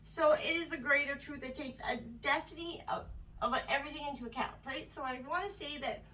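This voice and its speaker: A woman's voice: high-pitched, fairly quick, sharp tone, recorded from a distance, slight background noise, poor audio. A woman giving a casual tarot reading, a little out of breath, meandering and full of "you know" and "right?". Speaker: tarot reader.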